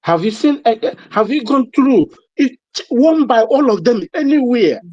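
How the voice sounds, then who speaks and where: A man's voice: extremely high pitch, expressive, normal speed, dry recording. A man making an urgent, emphatic submission in an online discussion, repeating his points. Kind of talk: impassioned political submission. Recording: muffled lo-fi audio.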